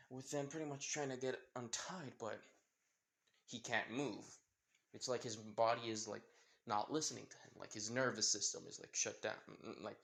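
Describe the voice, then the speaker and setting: A young man improvising a fan fiction story out loud, rambling with many fillers and self-corrections. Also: medium pitch, vocal fry.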